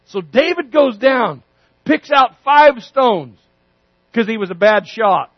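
A man preaching a sermon, telling a story with lively energy and acting out the characters' voices. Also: very high voice, slow pace, no room sound, muffled recording. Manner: animated storytelling, acts out voices.

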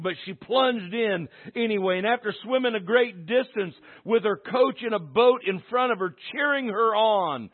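A man with a very high voice preaches to his congregation, and his words come through a thin, phone-like sound. He swings from quiet, intimate asides to loud, fervent exhortation. The delivery is that of an impassioned pastor. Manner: impassioned, swinging from hushed to shouting. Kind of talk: sermon.

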